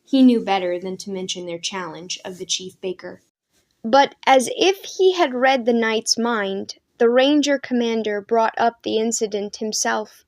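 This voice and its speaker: A woman's voice: a little high, measured pace. Woman reading a storybook aloud. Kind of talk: storybook read-aloud narration.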